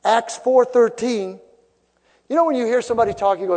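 High-voiced preacher man in a reverberant hall. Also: a little fast. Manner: emphatic, builds to loud rising peaks. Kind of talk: sermon. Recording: long reverb of a large hall.

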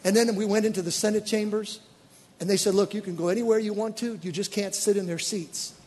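High-voiced animated preacher man in a hall. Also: fairly quick, slightly rough. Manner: animated, exclaiming storyteller with bursts of excitement. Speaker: pastor. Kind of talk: sermon storytelling. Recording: church hall reverb.

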